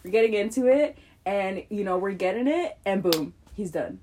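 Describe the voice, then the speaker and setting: A woman's voice: medium pitch, expressive, moderate pace, dark tone, a little hiss or hum. A young woman co-hosting a podcast, telling a story in casual chat, swearing freely and laughing often. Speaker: podcast co-host.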